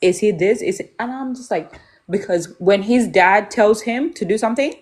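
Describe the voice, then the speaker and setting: A woman's voice: medium pitch, normal speed, darkish tone. A young woman chatting casually as a mother, telling stories candidly and acting out what people said. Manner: candid, storytelling, acts out quotes. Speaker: mother talking about parenting. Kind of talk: casual chat.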